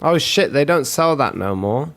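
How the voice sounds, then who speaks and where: A man's voice: fairly high pitch, expressive, moderate pace, gravelly, fairly bright tone. A young man streaming and reacting to videos in casual, profane banter, joking around and trying out accents.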